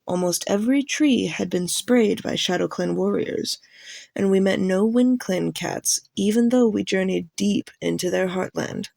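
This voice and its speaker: A woman's voice: medium pitch, measured pace, creaky, no room sound. Woman voicing a commanding she-cat clan leader. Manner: steady, formal addressing a gathering. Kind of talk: audiobook character voice.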